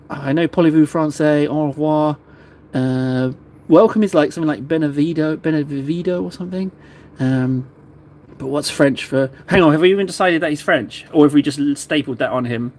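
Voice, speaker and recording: A chatty man streaming himself at work, talking viewers through every small step in a loose, playful way. His voice sits a little higher than most men's and moves freely as he jokes along. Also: a little mellow. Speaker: streamer painting miniatures. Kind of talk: casual live-stream chat.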